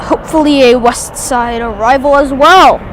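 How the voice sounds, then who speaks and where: High-voiced woman chatting plane-spotting live. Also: normal speed, slight background noise. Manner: chatty, enthusiastic, rambling with restarts. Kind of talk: live aviation commentary. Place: outdoors at an airport.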